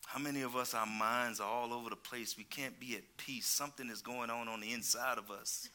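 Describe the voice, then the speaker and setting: A male preacher delivering a sermon, calling out to the congregation and swinging between loud exclamations and hushed asides. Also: medium pitch, fairly even intonation, brisk. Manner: calls out to the congregation.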